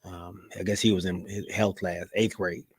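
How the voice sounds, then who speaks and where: A man's voice: sits low, normal speed, slightly rough, dry recording. A middle-aged man co-hosting a podcast, reading the live chat and chatting casually, often saying "man" with plenty of fillers. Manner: relaxed, says "man" a lot, many fillers.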